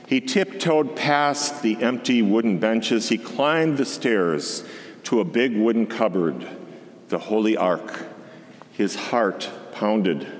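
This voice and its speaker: A deacon reads a children's story aloud, slowly, with lots of rise and fall in his voice. His voice carries a long reverb from a church. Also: lowish voice. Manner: expressive, unhurried reading. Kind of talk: storybook reading.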